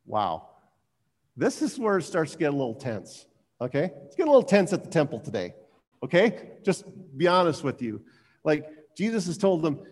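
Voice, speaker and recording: A man preaching a sermon from the pulpit, his voice on the higher side. He moves between loud, emphatic lines and hushed, low asides, acting out the scripture as he goes. A long church-hall reverb rings behind every word. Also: sing-song, moderate pace. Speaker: pastor.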